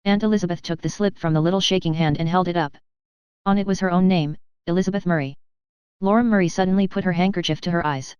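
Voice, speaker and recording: Woman narrator, lowish pitch, very smooth voice, dry and slightly dull recording, measured delivery. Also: fairly even intonation, a little mellow, dry recording. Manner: measured, clear storytelling. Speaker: audiobook narrator. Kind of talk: scripted narration.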